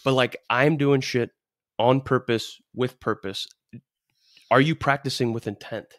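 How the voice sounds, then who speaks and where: A man's voice: mid-range voice, steady tone, a little slow, fairly bright tone, dry recording, studio quality. A man co-hosting a podcast, giving emphatic advice full of rhetorical questions and "dude.". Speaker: podcast co-host. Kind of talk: casual coaching advice chat.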